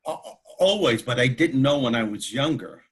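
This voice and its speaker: A man who is a comedian and motivational speaker, telling anecdotes as a guest in an interview in an animated way. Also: medium pitch, moderate pace, breathy edge. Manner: animated, anecdotal, laughs while telling stories. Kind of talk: storytelling in an interview.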